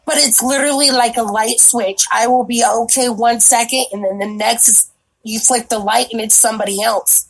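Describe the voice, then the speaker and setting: A woman's voice: on the high side, fairly even intonation, moderate pace, low-quality recording. A woman guest talking bluntly in casual chat, swearing freely.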